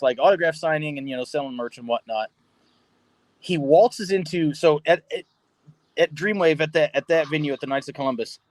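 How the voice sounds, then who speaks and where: A man, a guest on a podcast, tells a story in a casual, animated way, laughing often and swearing freely. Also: on the high side. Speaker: podcast guest, pro wrestler. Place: podcast studio.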